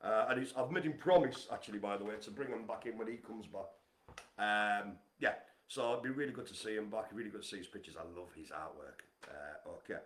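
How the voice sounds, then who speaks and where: A man hosting a casual live stream from home, chatty and teasing as he gives shout-outs. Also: lowish voice, fairly quick, reverberant. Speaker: livestream host. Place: home apartment.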